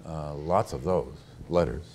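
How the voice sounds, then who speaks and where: A man with a very low voice takes audience questions in a lecture hall. He speaks as a historian, thinking aloud and pausing on his words, with frequent false starts as he works through his answers. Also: darkish tone, slight background noise. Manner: thoughtful, with frequent hesitations and restarts.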